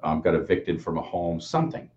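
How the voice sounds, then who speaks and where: A man with a very low, deep voice co-hosts a casual talk show, offering earnest, explanatory reflections. His audio sounds dull and lo-fi. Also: very animated, a little fast, a little mellow. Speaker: co-host, teacher.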